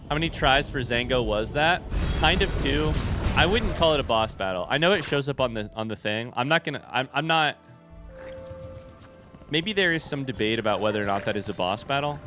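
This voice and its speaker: A man's voice: mid-range voice, expressive, fairly quick, music in the background. A man in his thirties giving casual, chatty commentary while playing a video game, telling stories and poking fun at himself. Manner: chatty, self-mocking, storytelling between fights. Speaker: streamer.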